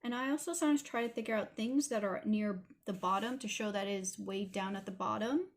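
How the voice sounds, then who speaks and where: A woman's voice: mid-range voice, brisk. A woman with a Toronto Canadian accent hosting a casual drawing tutorial, chatting and apologizing in asides while she inks. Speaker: art tutorial host.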